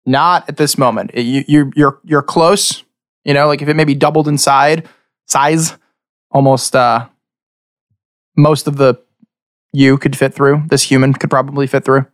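A man acts as game master, describing the scene in a loose, chatty way and often circling back to restart a phrase. His voice sits at an ordinary middle pitch. The recording is close and dry, with no room sound. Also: fairly even intonation, measured pace, pauses often, dry recording. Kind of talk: narrating a tabletop game.

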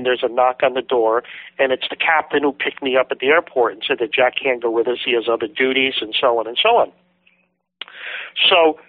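Over a tinny, dry phone line, a man interviewed as a guest author recounts a long tale with lively energy, voicing other people's words. He speaks at medium pitch with no echo.

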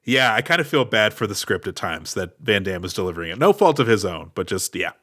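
A man's voice: fairly low pitch, sing-song, fast talker, fairly bright tone. A man co-hosting a podcast, chatting casually about an action movie with rambling restarts. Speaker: podcast co-host. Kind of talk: casual movie recap chat.

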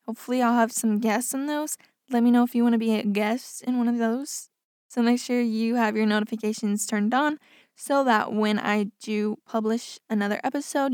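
Chatty young woman podcaster, higher voice. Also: no echo, studio quality. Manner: chatty, says "like" often, laughs things off. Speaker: podcast host. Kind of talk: casual podcast chat reading listener stories.

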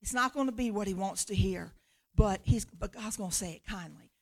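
A woman preacher giving a sermon in an animated, conversational way, laughing often. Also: mid-range voice, fairly quick, gravelly.

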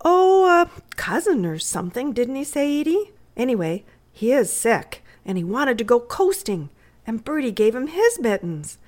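A woman's voice: a little high, very animated, normal speed, a little mellow, pitched above the performer's own voice. A woman voicing an eager, sweet little girl in a readers' theatre story reading.

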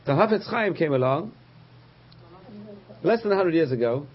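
A man teaching a religious lesson, patiently explaining terms, repeating key words and pausing with frequent uh's. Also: on the high side, animated, lo-fi sound. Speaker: Torah teacher.

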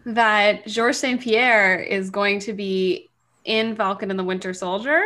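A woman's voice: medium pitch, fairly even intonation, unhurried, pushed and bright. A woman co-hosting a podcast over a call, chatty and giggly, rambling with many fillers. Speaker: podcast co-host. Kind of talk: casual chat. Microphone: remote call mic.

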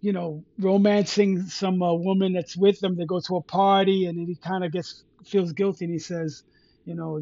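High-voiced rambling man on a podcast. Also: level tone, moderate pace, mellow, no echo, dull audio. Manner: rambling, with many "you know" fillers. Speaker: podcast co-host. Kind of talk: casual chat, retelling a comic story.

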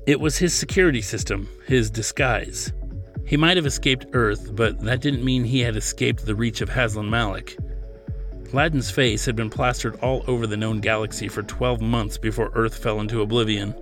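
A man, the author, narrating his science fiction novel as a scripted reading in a steady storytelling manner. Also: mid-range voice, normal speed, faint music behind. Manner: steady storytelling, plays character lines lightly.

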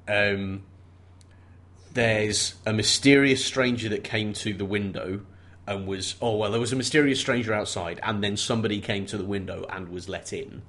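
Male co-host, husky and low, dry joker. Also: fairly even intonation, moderate pace, fairly bright tone. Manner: wry, joking, playful sarcasm. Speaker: podcast co-host. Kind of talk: casual chat about a mystery novel.

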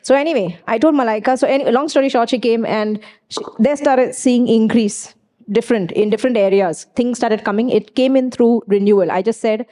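A woman's voice: fairly high pitch, fairly quick, dark tone. A woman preaching a sermon, emphatic and repeating key phrases, weaving in personal stories.

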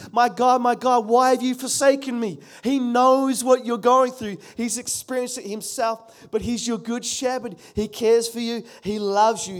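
A pastor preaching a sermon earnestly, asking his congregation rhetorical questions and calling for their response. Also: high voice.

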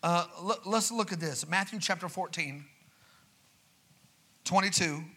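A man preaching a sermon in a church. He reads scripture quietly, asks the congregation for responses, and then builds to raised, urgent preaching. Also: high voice, unhurried.

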